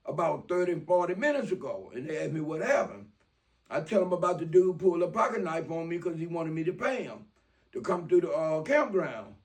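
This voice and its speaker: A man's voice: sits high, vocal fry. A man, telling a street story in a profane, streetwise way and acting out the dialogue. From Mobile, Alabama. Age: 60s. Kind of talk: casual personal storytelling.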